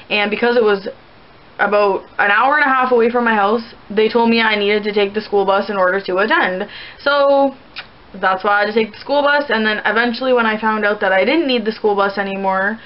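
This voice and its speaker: This young Canadian vlogger has a mid-range voice and talks a little fast, rambling chattily through questions from viewers with frequent "like" fillers. It's casual talk to camera, and the audio is dull.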